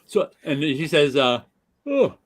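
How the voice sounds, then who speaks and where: A man hosting a casual chat about comic books, laughing often and restarting his sentences when excited. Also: mid-range voice, moderate pace. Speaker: podcast host.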